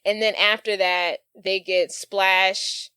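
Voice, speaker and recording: Woman podcast co-host, chatty plot recap, mid pitch, dry close mic. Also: level tone, slow pace, sharp tone, clean tone, no echo. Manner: chatty retelling with laughs and quoted voices. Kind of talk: casual movie recap chat.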